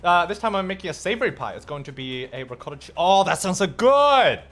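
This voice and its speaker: Young male streamer, high and very animated voice, playful casual chat over faint game music. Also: fast talker. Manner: chatty and playful, reacts to chat. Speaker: streamer and host. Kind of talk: casual live-stream chat while gaming.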